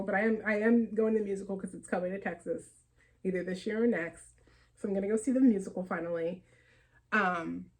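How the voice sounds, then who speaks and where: Chatty excitable woman podcaster. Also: mid-range voice, low-quality recording. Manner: chatty and excitable, laughs often, rambling asides. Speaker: knitting podcast host. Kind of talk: casual chat showing yarn purchases.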